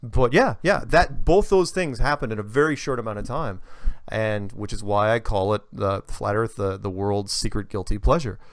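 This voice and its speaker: A man telling an animated, rambling story in casual conversation, with many restarts. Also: on the low side, moderate pace, dry recording. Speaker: guest speaker.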